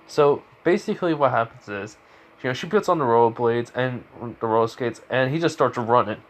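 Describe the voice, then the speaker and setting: Male storyteller, mid pitch, loose rambling improvised delivery. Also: fairly quick. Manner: rambling, full of fillers and restarts. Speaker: fan-fiction storyteller.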